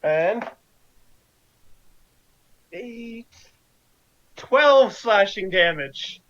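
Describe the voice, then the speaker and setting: A man narrating and ruling a tabletop game, his voice high and bright. He talks slowly and easily and fills pauses with ums, on dull, lo-fi audio. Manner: relaxed, chatty rules calls with frequent fillers. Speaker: game master. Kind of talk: running a tabletop game over voice chat.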